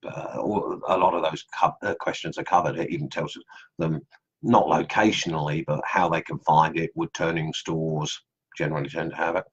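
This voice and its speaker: A man's voice: rumbling low, fairly even intonation, normal speed, breathy edge, muffled recording. A middle-aged man from England with an Australian accent layered over English, hosting a casual live stream and rambling through viewer comments with many ums. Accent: Australian with English traces. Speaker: online group host. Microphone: computer mic on live stream.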